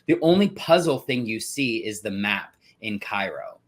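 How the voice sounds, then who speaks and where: A man's voice: lowish voice, lively intonation, normal speed. A man guesting on a podcast in casual chat, full of "like" and "um". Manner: talks in loose fillers, lots of "like" and "um".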